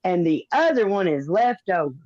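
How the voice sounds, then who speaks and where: A man's voice: high voice, sing-song, normal speed, darkish tone, no echo, lo-fi sound. A man in a casual live chat who explains things at length and swears casually.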